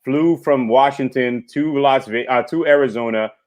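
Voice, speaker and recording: A man in a mid-range voice talks through the fights with steady enthusiasm. He lays out the details plainly, the way a fan who knows the sport explains what happened. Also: mid-range voice, normal speed. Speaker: podcast co-host. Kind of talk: casual fight recap chat.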